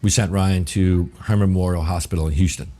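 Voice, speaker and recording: In a laid-back interview, a middle-aged man who is a guest chef from New Orleans recounts a tale in a very deep voice at a slightly quick clip. He's colorful and foul-mouthed, performing each line of dialogue himself.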